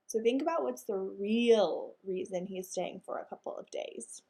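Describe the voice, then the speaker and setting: A woman reading a children's chapter book aloud and pausing to explain it patiently to young listeners. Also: medium pitch, mellow, slightly rough.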